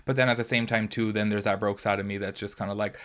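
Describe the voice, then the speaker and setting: A man's voice: on the low side, quick pace. A young man from California chatting animatedly in a casual beauty commentary vlog. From California, United States. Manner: chatty and animated, lots of fillers like "y'all".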